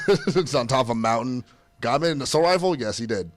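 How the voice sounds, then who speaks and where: A man's voice: medium pitch, lively intonation, brisk, no room sound. A man co-hosting a casual gaming chat, bantering and joking playfully. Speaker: co-host of a gaming news show.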